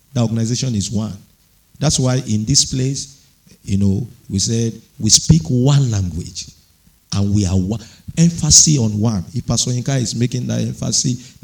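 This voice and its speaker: A man preaches a sermon in an unhurried, deliberate way. His voice has a gravelly edge and a steady middle pitch. He leans into key words and lets his delivery climb into raised, fervent emphasis. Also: poor audio. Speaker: pastor.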